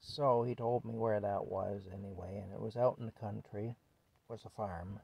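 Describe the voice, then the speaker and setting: A man's voice: on the low side, steady tone, normal speed, vocal fry, a little mellow, slightly rough. A man casually telling a rambling story at home, with chuckles and fillers. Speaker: vlogger telling stories.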